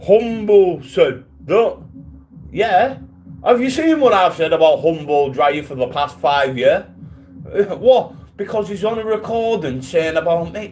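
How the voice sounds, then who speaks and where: A man rambles through a casual livestream rant, mocking and swearing as he goes. His voice sits a little high for a man. A faint hum of ambient noise runs behind him. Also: poor audio. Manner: mocking, rambling and profane, often laughing.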